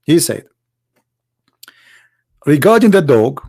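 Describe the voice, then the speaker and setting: A man with an Arabic accent hosting a live stream, reading and translating a text aloud in halting English with many restarts. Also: on the high side, sing-song, darkish tone, breathy edge. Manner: halting, restarts and searches for words.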